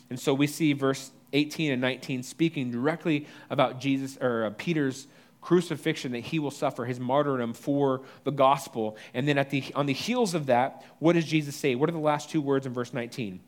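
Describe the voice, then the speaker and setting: A pastor in his thirties delivering a sermon in a conversational, animated way, with asides to the congregation. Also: mid-range voice, moderate pace.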